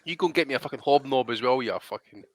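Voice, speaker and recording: A man's voice: medium pitch, very fast. A man co-hosting a podcast, bantering casually with lots of swearing, laughing, and "mate" and "aye". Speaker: podcast co-host.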